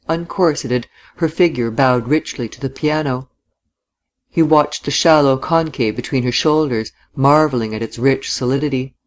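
An audiobook narrator reading literary fiction in a measured, even manner. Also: mid-range voice. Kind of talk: scripted narration.

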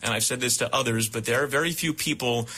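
Young guy broadcaster, bright sharp voice, earnest tribute to his mentor. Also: mid-range voice, breathy edge. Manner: earnest, deliberate. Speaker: baseball broadcaster interviewer. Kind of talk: interview questions and tribute.

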